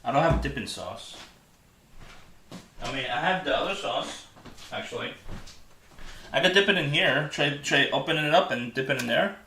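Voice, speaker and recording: A man's voice: medium pitch, expressive, moderate pace, long pauses, pushed and bright, echoey room, slight background noise. A man hosting a casual livestream from his home kitchen, eating and answering chat with many restarts and mumbled tasting sounds. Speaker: livestream host.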